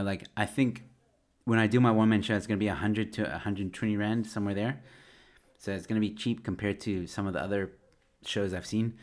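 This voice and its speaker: A man, a stand-up comedian, chatting casually on a home livestream, rambling with lots of fillers and restarts. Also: on the low side. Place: his home. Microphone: webcam or desk mic at home.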